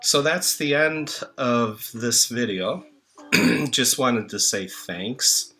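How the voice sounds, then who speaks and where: Slow, low-pitched man with bright tone. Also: animated. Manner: slow, halting, many filler pauses. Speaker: channel host reading tributes. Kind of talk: spoken memorial tribute. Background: soft music.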